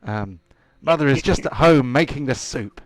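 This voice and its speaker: A man's voice: medium pitch, expressive, normal speed, no echo, lightly acted. A man playing an indignant father in a tabletop game, raising his voice in outrage. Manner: outraged, shouting for guards. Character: indignant father of a little girl.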